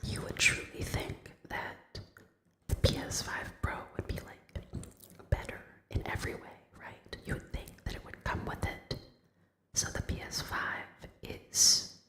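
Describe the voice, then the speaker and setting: Whispering woman streamer, echoey room. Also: sharp tone. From Tasmania, Australia. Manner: chatty, joking asides to chat. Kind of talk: whispered ASMR chat. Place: home den.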